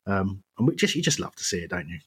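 A British man hosts a relaxed football chat with a slightly husky voice. He talks in loose, rambling sentences full of ums and restarts, and laughs easily as he runs a quiz. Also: low-pitched, quick pace. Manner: chatty, hesitant with many ums, laughs easily. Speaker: podcast host. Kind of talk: casual football chat, quizmaster.

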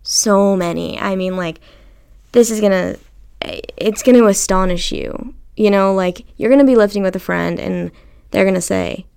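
A young woman hosting a casual solo podcast, chatty and animated, swearing freely and acting out what people said to her. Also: medium pitch, moderate pace, gravelly, clean tone. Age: young adult. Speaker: podcast host.

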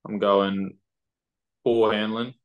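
A man's voice: on the low side, highs cut off. A young man with an Australian accent, chatting loosely as a footballer guest on a podcast, laughing easily. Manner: relaxed, laughing, halting with fillers. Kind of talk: casual podcast interview.

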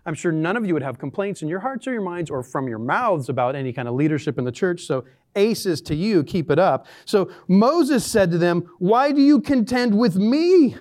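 A man's voice: a little high, lively intonation, a little fast, darkish tone. A man preaching a sermon as a pastor in a church, conversational and dryly sarcastic. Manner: conversational, dry sarcastic humor.

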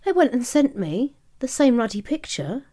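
A woman's voice: a little high, sing-song, normal speed, warm tone. Chatty woman co-hosting. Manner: chatty, swears freely, trails off in restarts. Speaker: podcast co-host. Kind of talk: casual chat.

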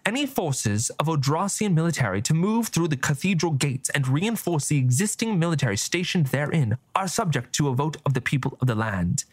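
A man voicing a scheming, composed male church cardinal who speaks in measured, formal oratory. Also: on the high side, no room sound.

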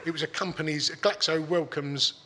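A man's voice: on the high side, steady tone, brisk, sharp tone, in a large hall. A middle-aged man from England, telling a long story in blunt, sweary, rambling casual talk. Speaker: guest.

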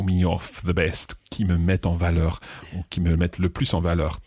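A man teaching grammar on a podcast, talking it through slowly and spelling words letter by letter. His voice sits very low with a husky edge. The sound is dry and close to the mic. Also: a little mellow, no room sound. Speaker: language podcast co-host. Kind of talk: bilingual teaching chat.

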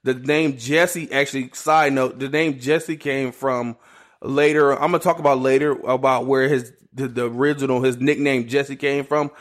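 A man's voice: medium pitch, fairly even intonation, moderate pace. A young man hosting a casual solo podcast, rambling through a history story with many restarts and side notes. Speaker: podcast host.

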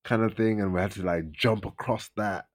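A man's voice: on the low side, brisk. Young man telling a story. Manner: animated, acts out friends' lines in raised voices. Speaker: podcast host. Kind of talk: casual storytelling chat.

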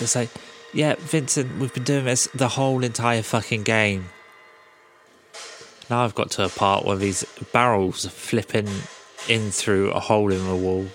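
A podcast host with a lowish, gravelly yet fairly bright voice recaps a video game casually. He's sarcastic, swears freely, and mocks the game's characters.

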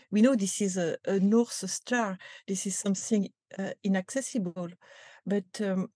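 French-accented woman, mellow and thoughtful. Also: mid-range voice, dry recording. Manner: thoughtful, hesitant with frequent fillers and repeated words. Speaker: guest. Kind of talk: podcast interview.

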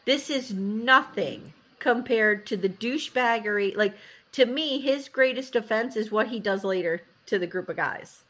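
A woman's voice: on the high side, moderate pace. A woman co-hosting a podcast, recapping a reality show in a casual chat and acting out the quotes with lots of "like". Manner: animated storytelling, acting out quotes, frequent "like".

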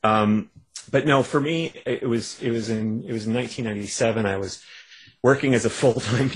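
A man from Canada, with a low, gravelly voice that has a husky edge, calls in as a guest author. He chats in a wry, self-mocking way and keeps restarting his sentences. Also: low-quality recording. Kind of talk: casual interview chat. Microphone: phone line.

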